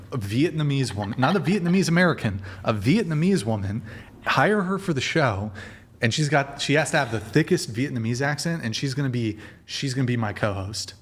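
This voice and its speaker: A man hosting a live dating debate show, teasing and goading his guests. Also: medium pitch. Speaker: host.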